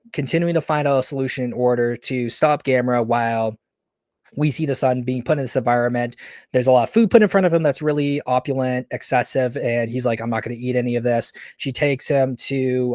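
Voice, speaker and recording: Man casually pitching a story. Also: steady tone, a little fast, darkish tone, dry recording, clean studio sound. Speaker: podcast host.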